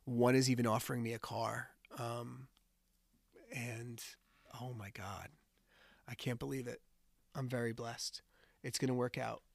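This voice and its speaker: A man's voice: mid-range voice, steady tone, a little slow, creaky, pauses often, no echo. A man hosting a podcast, telling personal stories in a chatty, casual way with lots of fillers. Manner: chatty storytelling with many fillers. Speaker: podcast host.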